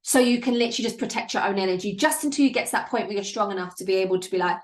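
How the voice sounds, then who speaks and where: A bubbly woman hosts a live coaching show and talks with gushing emphasis. Her voice sits at a middle pitch. It rings with a roomy echo. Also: rapid-fire. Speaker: business coach and show host.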